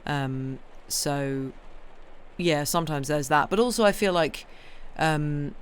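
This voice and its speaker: A woman's voice: sits low, slow pace, clean tone. Rambling woman chatting on stream. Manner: rambling, with many ums and restarts. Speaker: streamer reading a novel aloud. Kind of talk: casual chat on a live stream.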